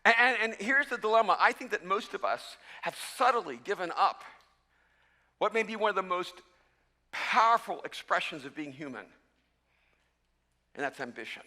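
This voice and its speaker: A man's voice: high-pitched, animated, normal speed, pushed and bright. A man in his fifties or older preaching a sermon, telling stories with self-deprecating humor and frequent restarts. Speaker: pastor. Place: large church auditorium. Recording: long reverb of a large hall.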